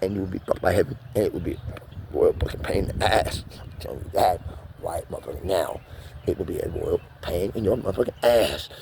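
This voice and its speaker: The voice sits low and sounds gravelly, with background noise around it. This American man gives a pressured, rapid vlog monologue to the camera, rambling and swearing almost nonstop.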